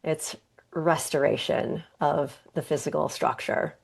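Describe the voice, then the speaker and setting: Low-voiced woman hosting a wellness podcast. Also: level tone, a little slow, vocal fry, a little mellow. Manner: earnest, conversational, with occasional laughs. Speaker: podcast host and yoga teacher. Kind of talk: reflective wellness talk.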